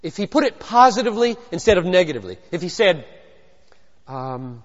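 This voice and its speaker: A man with a high-pitched voice preaches a sermon, swinging from near-whispers to loud emphatic bursts. He drives his points home with rhetorical questions and repetition. The sound is dull and lo-fi, with long reverb from a large hall. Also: sing-song, brisk. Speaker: pastor.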